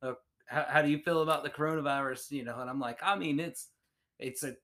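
A man co-hosting a casual podcast with a bright, forceful voice pitched a little high. He tells his stories in an animated way and laughs often along the way. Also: quick pace. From United States. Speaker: podcast co-host. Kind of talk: casual chat.

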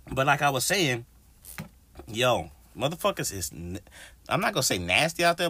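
A man's voice: medium pitch, no echo. A man hosting his own podcast, ranting casually and profanely to his listeners. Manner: profane, animated, addresses listeners directly. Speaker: podcast host. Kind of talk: casual solo podcast rant.

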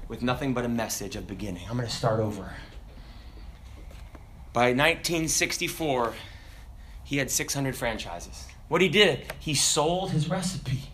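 A male pastor preaching an animated sermon, acting out voices and breaking into shouts. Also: high voice, a little hiss or hum.

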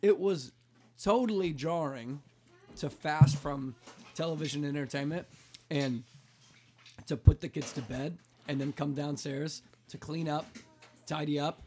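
A man's voice: fairly high pitch, unhurried, a little hiss or hum. Male pastor-host, thirties, casual and talkative, filler-heavy delivery. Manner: relaxed, talkative, lots of "like" fillers. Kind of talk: casual chat.

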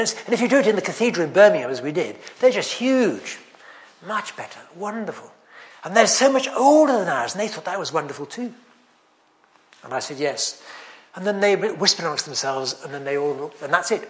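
A man preaching a sermon, telling stories in a chatty, anecdotal way with self-deprecating humour. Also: fairly high pitch. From England.

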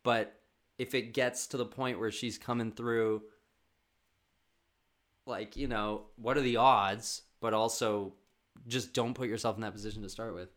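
A young man telling stories casually, rambling and swearing, with fast bursts. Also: lowish voice, steady tone, a bit bright. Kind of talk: casual storytelling.

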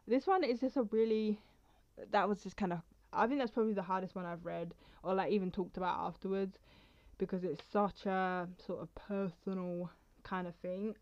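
A woman's voice: medium pitch, darkish tone, no room sound, dull audio. A woman vlogging casually in a chatty, rambling way, with apologetic asides, and reading her own poems aloud. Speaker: poetry vlogger.

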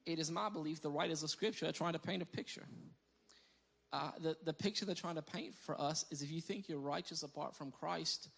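A male pastor preaching a sermon, his voice pitched high and ringing bright. He moves between calm teaching and loud, emphatic preaching. He reads scripture aloud and tosses playful asides to the congregation. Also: brisk, creaky, slightly rough.

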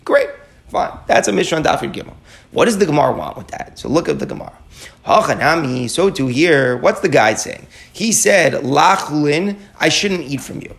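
Man teaching talmud, high voice, gravelly, quotes phrases then translates, repeats himself. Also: big pitch swings, normal speed, a bit bright. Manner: explains step by step, repeating key phrases. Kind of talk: Talmud study lecture.

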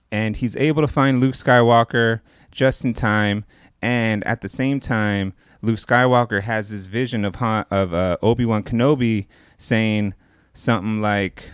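A man's voice: fairly low pitch, clear, resonant tone, dry recording, studio quality. A man co-hosting a podcast, casually retelling a movie plot in a rambling, profane way, full of "like" and "uh" and acted-out lines. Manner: rambling and profane, heavy on "like" and "uh", acts out characters' lines. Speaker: podcast co-host.

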